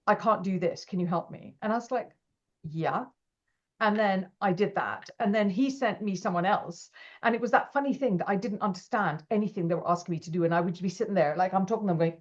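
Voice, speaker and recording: A woman, an interview guest, telling her story with animated energy and acting out the lines of people in it. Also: on the low side. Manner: animated, acts out quoted dialogue. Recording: dull lo-fi audio.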